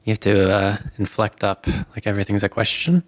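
A man co-hosting a podcast, laid-back, giving dry short replies and telling his own stories calmly. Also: lowish voice, fairly quick. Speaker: podcast co-host. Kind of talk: casual chat.

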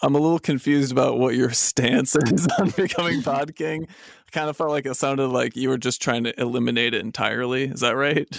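A man's voice: medium pitch, fairly even intonation, a little fast, creaky, no room sound, clean studio sound. A man moderating a comedy podcast debate, playful and giggly, drawing out his teasing remarks. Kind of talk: casual comedy podcast chat.

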